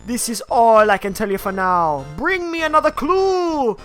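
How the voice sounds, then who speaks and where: Grand spirit medium in a put-on Jamaican accent, voiced by a streamer, higher and louder than his own talk, slow and mystical. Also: soft background music, natural voice. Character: theatrical fortune-teller spirit woman.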